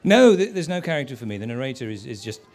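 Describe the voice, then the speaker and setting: A man's voice: medium pitch, fast talker. A man, a voice actor, answering interview questions in a jokey, playful way. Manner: jokey, animated. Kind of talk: interview anecdote.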